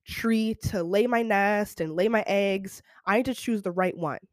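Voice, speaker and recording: A woman's voice: mid-range voice, measured pace, no echo, natural voice. A woman voicing a gushing little bird. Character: fretful, dramatic little bird choosing a tree.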